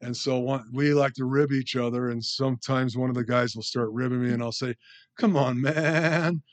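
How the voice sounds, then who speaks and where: A man's voice: mid-range voice, little pitch movement, fairly quick. A man preaching a conversational sermon as a pastor, rambling a bit, with many fillers and restarts.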